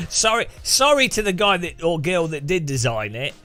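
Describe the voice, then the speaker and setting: A man's voice: a little high, sing-song, unhurried, sharp tone, soft background music. A man streaming a racing game, chatting casually to viewers in a rambling, self-mocking way with frequent chuckles. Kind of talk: casual live gameplay commentary.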